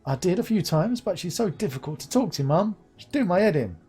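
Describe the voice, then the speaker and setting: A woman's voice: on the low side, lively intonation, a little fast, warm tone, slightly rough, soft background music. A woman reading a weary, worried young man. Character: stressed young man worried about his partner.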